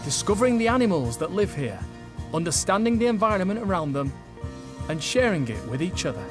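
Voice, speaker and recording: Lively northern narrator over music. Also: male voice, high-pitched, brisk. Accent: Oldham, northern English. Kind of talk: scripted documentary narration. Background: background music.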